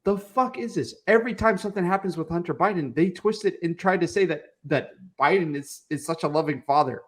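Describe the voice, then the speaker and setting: A man's voice: sits high, fairly quick. A young man co-hosting a political podcast, ranting in a heated, profane way. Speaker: podcast co-host.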